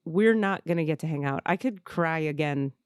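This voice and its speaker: A woman's voice: low voice, normal speed, clean tone, no room sound, clean studio sound. A woman hosting a podcast who tells a personal story frankly and expressively and swears freely. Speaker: podcast host.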